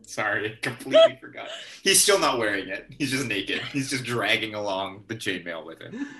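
Brief: playful male tabletop player, animated and bright, acts out his character. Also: lowish voice, fairly quick. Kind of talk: playing a tabletop game.

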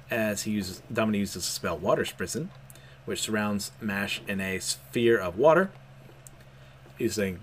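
A young man casually recapping manga chapters, animated and hesitant, with frequent chuckles and fillers. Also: on the low side, normal speed, pauses often, a little hiss or hum. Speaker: manga reviewer.

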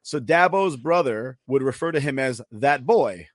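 A man's voice: mid-range voice, animated, measured pace. A man with a New York accent co-hosting a podcast, asking the guest questions with eager laughs and stumbling starts. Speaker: podcast co-host. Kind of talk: casual interview chat.

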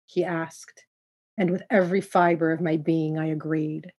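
Brief: woman narrator, low and level, calm measured storytelling. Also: breathy edge. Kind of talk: first-person story narration.

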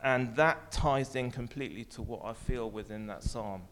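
A man giving a short personal testimony in church, speaking quietly and haltingly. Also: mid-range voice. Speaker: church member sharing testimony.

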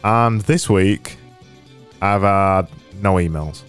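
A man's voice: low voice, takes it slowly, faint music behind. A man co-hosting a casual podcast, blunt and teasing. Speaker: podcast co-host. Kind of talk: casual chat.

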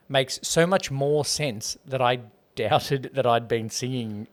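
A man's voice: medium pitch, steady tone. Joking man rambling in casual chat. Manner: joking, rambling, quick to laugh. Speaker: podcast co-host.

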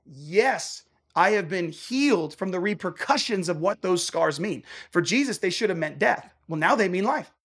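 Man, high voice, worship musician guest, passionate testimony, animated storytelling. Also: slightly rough. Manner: animated, acts out dialogue in quick bursts.

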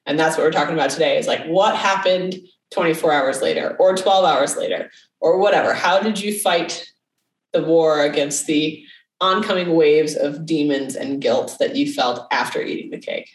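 A woman's voice: sits low, normal speed, far from the mic. A woman co-hosting a podcast as a coach, talking in a casual, playful way and laughing easily. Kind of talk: casual chat. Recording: echoey room, off mic.

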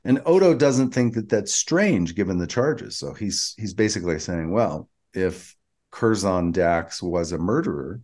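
Man, from Georgia, low but lively podcast co-host, casual recap. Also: unhurried. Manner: recaps scenes, quoting characters in a lowered voice. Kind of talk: casual episode recap chat.

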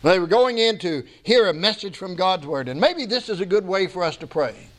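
Guy preaching in church, pretty high voice, earnest and slow in spots. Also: animated. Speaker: pastor. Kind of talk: sermon.

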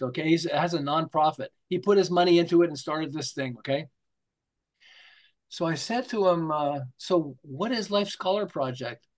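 An older man talking as an interview guest, telling stories animatedly, acting out quotes and often checking in with "okay?". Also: fairly high pitch. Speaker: marketing guest. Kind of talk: storytelling interview talk.

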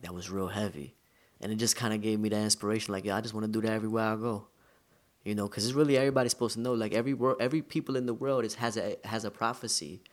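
A man from the United States, a guest in an interview, telling stories in a relaxed, slangy, conversational way. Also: on the low side. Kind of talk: casual storytelling interview.

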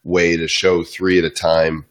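Man, guest, casual friendly chat, very deep pitch. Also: little pitch movement, unhurried.

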